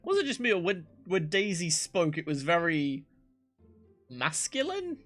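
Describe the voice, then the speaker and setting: Man, streamer, playful, lively pitch, bright tone, reads game text aloud. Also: measured pace, faint music behind. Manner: playful, swearing, stumbling over words, laughing.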